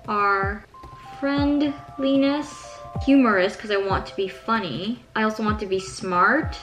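Upbeat young Canadian woman, higher voice. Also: a bit bright. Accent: Canadian English. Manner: friendly, explains step by step. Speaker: vlogger. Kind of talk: casual tutorial vlog.

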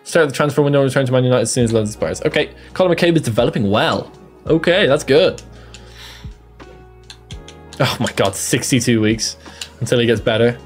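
A man's voice: medium pitch, fairly quick, long pauses, faint music behind. Chatty Irish man streaming a game. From Ireland. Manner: chatty, jokey and self-deprecating. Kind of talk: casual live gaming commentary.

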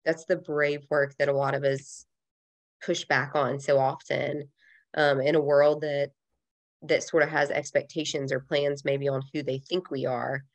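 A woman with a low, gravelly voice speaks to a podcast host. She is earnest and reflective and drops casual fillers as she talks. The sound is close and dry, with little room. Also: little pitch movement, a little slow, dry recording. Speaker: podcast guest. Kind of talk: heartfelt conversational interview.

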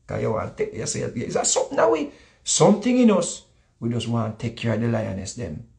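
A Jamaican man spins a story in casual chat, his voice swinging up and down in lively leaps. His tone is gravelly. He repeats his words and acts out the people he quotes. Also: medium pitch, a little fast. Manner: animated, repetitive, acts out quotes. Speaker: guest speaker.

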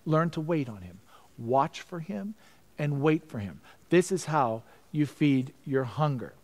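This middle-aged pastor's sermon unfolds as an unhurried, animated story with stammered repeats and a hushed voice for prayer. His pitch is fairly high.

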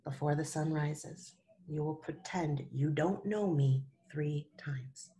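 A soft, sorrowful Jesus from a children's Bible story speaks calmly and gently, as a woman reads him aloud. The voice sits a touch low, with a quiet, tender delivery that never rises. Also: measured pace, lightly acted. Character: gentle, sorrowful grown male teacher Jesus.

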